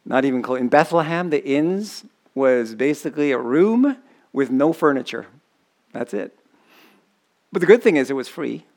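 A man's voice: on the high side, animated, normal speed, vocal fry, darkish tone. A man preaching a sermon in a conversational way, often asking the congregation questions. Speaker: pastor.

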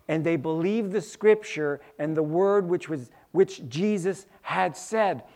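A man's voice: a little high, darkish tone. A man preaching a sermon, acting out little scenes with sound effects and repeating key lines for emphasis. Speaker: pastor.

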